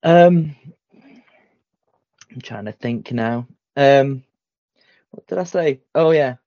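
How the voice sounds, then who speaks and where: A man telling a wrestling story in casual podcast chat, acting out the quotes with lively energy. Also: mid-range voice, slow, no echo. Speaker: podcast co-host. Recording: dull lo-fi podcast audio.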